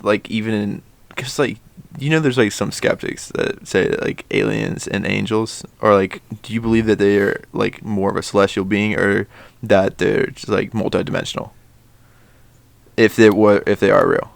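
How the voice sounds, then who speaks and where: A man's voice: lowish voice, fairly even intonation, normal speed, vocal fry, dry recording. A young man co-hosting a podcast, speaking in an easygoing bro style that is hesitant and full of fillers. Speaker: podcast co-host. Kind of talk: casual chat.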